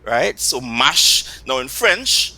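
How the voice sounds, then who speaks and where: A man with a Trinidadian accent, his voice very bright and forward at a middling pitch. He talks as a language teacher in an interview, walking through examples with patient care. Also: big pitch swings, slow pace, low-quality recording. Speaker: Patois teacher. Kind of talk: explanatory interview talk.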